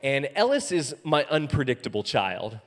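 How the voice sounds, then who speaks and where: A man preaching as pastor in a church, animated and acting out quoted voices, often soft and then loud. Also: medium pitch, moderate pace. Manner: animated, acts out quoted voices with big swings in loudness. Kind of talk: sermon. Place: church auditorium. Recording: long hall reverb.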